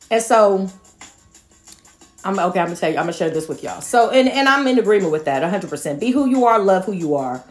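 A woman's voice: medium pitch, lively intonation, a little fast, faint music behind. A middle-aged mother talking casually to viewers, earnest and repetitive, with laughing asides. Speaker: mother sharing her views.

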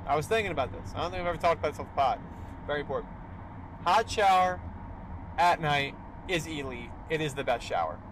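A man's voice: on the high side, animated, quick pace, noisy background. A young man hosting a solo podcast, talking emphatically and tagging "all right" onto his points. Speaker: podcast host.

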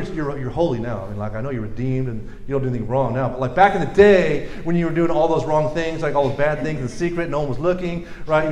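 A man delivers a sermon in a relaxed, chatty way, pulling listeners in by name and laughing along with them. His voice sits fairly high, and the room adds a noticeable echo. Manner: casual, animated, laughs often, talks to audience members. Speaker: pastor.

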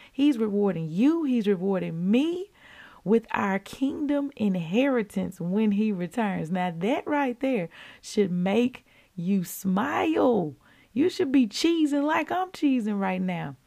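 A woman hosting a daily devotional podcast, teaching in a lively, chatty way and calling listeners y'all. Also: mid-range voice, slow, creaky. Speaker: podcast host.

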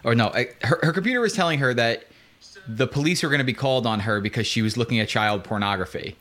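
A man's voice: mid-range voice, fast talker, a bit bright. Wry man telling a story in casual chat. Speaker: podcast co-host.

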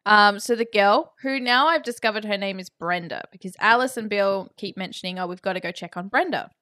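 A woman's voice: mid-range voice, a little fast, sharp tone, dry recording, studio quality. A woman co-hosting a podcast, recapping a horror film in chatty, wry casual talk. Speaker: podcast co-host.

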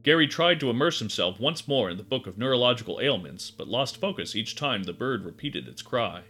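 A man narrating a dark story in a measured, expressive way. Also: mid-range voice, soft background music. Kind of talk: dramatic audiobook narration.

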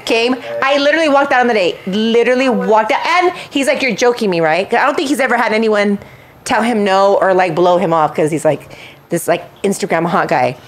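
A woman hosting a casual chat show, telling a story in an animated way, acting out quotes and swearing. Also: medium pitch, a little fast. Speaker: show host.

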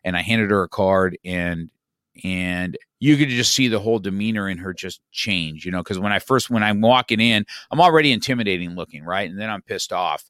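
Middle-aged male guest, low register, dry close sound, loose rambling storyteller. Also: a little fast, a bit bright, no echo. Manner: rambling, many restarts and "you know, man". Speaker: podcast guest. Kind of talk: casual conversational storytelling.

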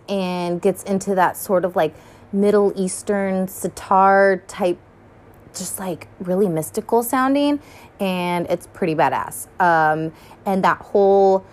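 A young woman at a middle pitch talks through her reactions to an animated film in a loose, rambling way. She piles on fillers and swears freely. She sounds a little tired. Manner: chatty and rambling, swears often, lots of fillers. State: tired and yawning. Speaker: first-time viewer reacting to an animated film. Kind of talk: casual rambling reaction commentary.

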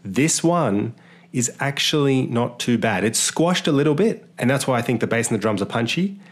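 A man's voice: mid-range voice, animated, moderate pace. A man hosting a casual music review podcast, rambling a bit and repeating words as he talks. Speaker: podcast host.

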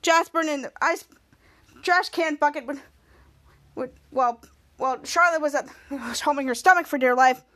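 A woman hosting a podcast, retelling a TV episode scene by scene in a halting way, with frequent restarts. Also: high voice, a bit bright. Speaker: podcast host. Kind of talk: casual episode recap.

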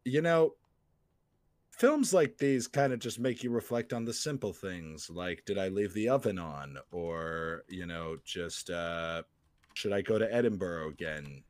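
A man's voice: deep voice, unhurried, a little mellow, no echo. A young adult man hosting a podcast in casual chat, rambling and joking with plenty of fillers. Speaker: podcast host.

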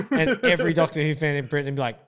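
A man's voice: a little high, fairly bright tone. A man co-hosting a podcast in casual chat, joking, laughing often and acting out quoted voices. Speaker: podcast co-host. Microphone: podcast microphone, audio only.

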